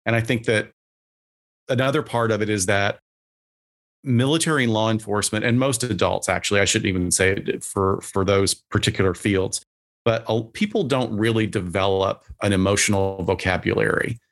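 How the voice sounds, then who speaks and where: A psychologist talking loosely on a podcast, his voice sitting low. He gets animated and acts out the things people say to him. Now and then he swears casually. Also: normal speed. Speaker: psychologist guest.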